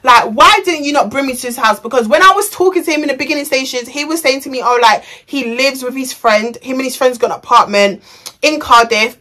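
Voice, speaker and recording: Young woman, chatty storytime vlogger, rambling and slangy, fairly high voice. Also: fairly bright tone. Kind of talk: storytime vlog.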